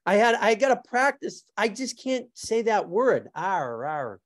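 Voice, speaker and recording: A man's voice: very high voice, moderate pace. A man who is a martial arts instructor and guest on a podcast, telling joking stories in casual chat and struggling to pronounce his R sounds. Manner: joking, anecdotal.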